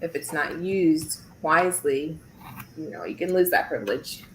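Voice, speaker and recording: A woman's voice: deep voice, animated, moderate pace, fairly bright tone, roomy sound, a little hiss or hum, rough recording. A woman who teaches, chatting casually as a guest and telling stories with frequent laughter. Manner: talkative, laughs often, tells stories.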